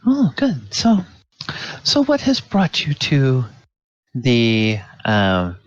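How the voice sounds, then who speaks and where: A man's voice: medium pitch, wildly swooping pitch, drawn-out words, no room sound, muffled recording, pitched above the performer's own voice, full character voice. A man voicing a gushing, genteel female elf manicurist with a sweet, fawning manner. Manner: sweet, fawning, breathy titter.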